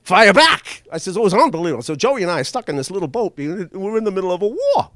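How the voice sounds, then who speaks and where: Animated man telling a story. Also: sits high, racing, dry recording, clean studio sound. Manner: animated, chuckles through his own story. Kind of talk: live comic storytelling.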